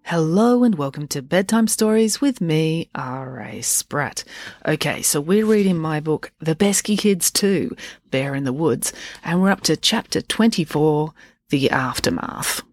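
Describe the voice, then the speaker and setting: A woman who is a children's author and podcast host, reading a bedtime story aloud in a slow, deliberate way. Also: low-pitched, expressive, no echo, clean studio sound.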